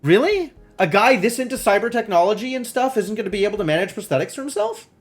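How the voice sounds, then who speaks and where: A man's voice: high-pitched, very animated, quick pace, soft background music. A man streaming a game, reading its text aloud and adding wry, musing asides.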